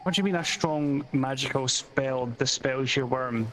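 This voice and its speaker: A man in a casual multiplayer game chat, playful and joking as he shouts spells. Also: mid-range voice, a little slow. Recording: clearly noisy background.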